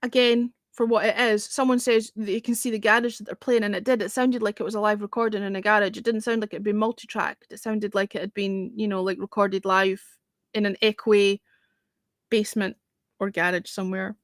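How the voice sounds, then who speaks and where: A woman's voice: mid-range voice, flat delivery, a little fast, no room sound, clean studio sound. A woman hosting a music review livestream, chatting casually and opinionatedly with lots of "you know" and the odd swear word.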